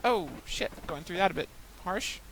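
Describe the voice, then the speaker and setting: A woman's voice: on the low side, expressive, moderate pace, vocal fry, fairly bright tone, slight background noise, poor audio. A young woman in casual chat while playing a game, telling rambling stories with frequent laughs. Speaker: gaming podcaster.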